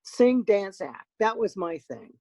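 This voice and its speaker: Older voice actor guy chatting, gravelly and a bit husky, dry close sound. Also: high-pitched, takes it slowly, dry recording, low-quality recording. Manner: lively storyteller, self-deprecating. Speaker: guest voice actor. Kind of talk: casual interview chat.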